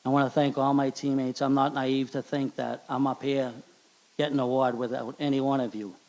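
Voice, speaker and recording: A middle-aged man with a Boston accent giving an emotional hall of fame acceptance speech at a banquet, halting and repeating words. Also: medium pitch, little pitch movement, a little mellow. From Charlestown, Boston.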